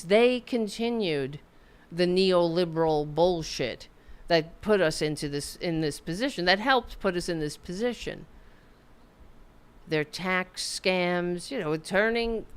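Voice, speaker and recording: A woman's voice: fairly low pitch, a little slow, smooth. A woman hosting a political podcast, ranting angrily with lots of swearing and repeated restarts. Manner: angry, profane, repetitive ranting. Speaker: podcast host. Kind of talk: political commentary rant.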